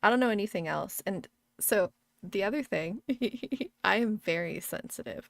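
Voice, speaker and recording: Gravelly-voiced woman streamer rambling casually. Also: mid-range voice, lively intonation, unhurried. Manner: rambling, laughs often, swears casually. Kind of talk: casual gaming stream chat.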